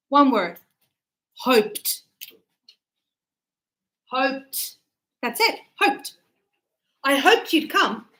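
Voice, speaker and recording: A woman's voice: high-pitched, fairly bright tone, poor audio. A woman teaching English pronunciation to a class, explaining step by step, repeating words and checking that students follow.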